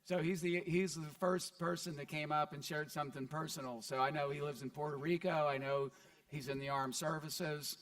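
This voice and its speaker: Male seminar coach, slightly high-pitched, casual and conversational, stumbles and repeats words. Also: steady tone, normal speed, a bit bright, far from the mic. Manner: conversational, repeats words, acts out what he'd say. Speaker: multifamily investing coach. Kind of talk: live seminar feedback. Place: event stage before an audience.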